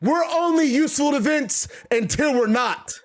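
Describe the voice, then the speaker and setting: Brief: man voicing a cold defiant wrestler, steady menacing promo. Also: very high voice, normal speed.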